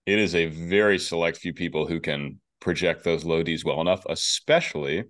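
A male host and opera bass singer, talking eagerly in a relaxed interview. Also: moderate pace. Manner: enthusiastic, talkative, many restarts. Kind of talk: casual interview chat.

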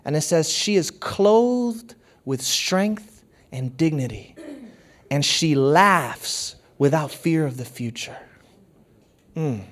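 A middle-aged man preaching a sermon, earnest and conversational, dropping to a hushed voice for stories. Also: fairly high pitch, expressive, slow pace. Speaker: pastor.

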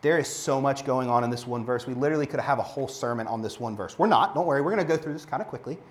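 A man preaching a sermon, building to emphatic, passionate peaks and then dropping to soft, quiet phrases. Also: mid-range voice, rapid-fire.

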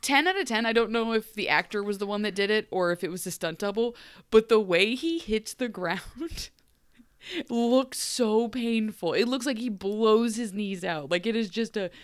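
A woman co-hosting a podcast, recapping an episode in casual chat, animated and laughing often as she acts out characters. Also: mid-range voice, no echo, clean studio sound. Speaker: podcast co-host.

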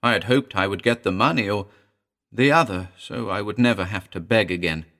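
A man's voice: fairly low pitch, a little fast, fairly bright tone. A man voicing a frail, timid old blind beggar woman who whimpers and pleads. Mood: drowsy, wistful.

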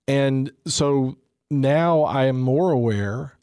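A man's voice: medium pitch, takes it slowly, dark tone, smooth, no echo, clean studio sound. A man in his forties, earnest and reflective, talking about faith in a conversation and often repeating words as he starts.

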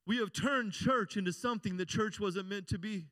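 Brief: middle-aged pastor, very high clear voice, dry close sound, chatty sermon with call-and-response. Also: male voice, normal speed, fairly bright tone, no echo. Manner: conversational preaching, frequent call-and-response "amen?".

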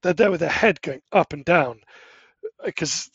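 A middle-aged man speaking as an interview guest. He explains animatedly, with quick asides and self-corrections. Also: fairly high pitch, fairly bright tone, breathy edge, no echo, dull audio. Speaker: guest, language-learning startup co-founder. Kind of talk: casual explanatory interview talk.

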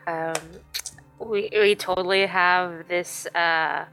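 A woman's voice: lowish voice, fairly even intonation, slow pace, sharp tone, smooth, faint music behind. A woman co-hosting a casual podcast, chatty and full of fillers. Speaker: podcast co-host.

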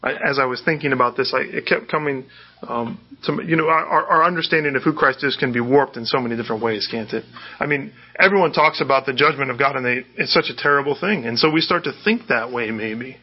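A man's voice: medium pitch, fast, slightly rough. A male pastor giving an earnest sermon, often repeating words as he restarts. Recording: dull lo-fi sermon recording.

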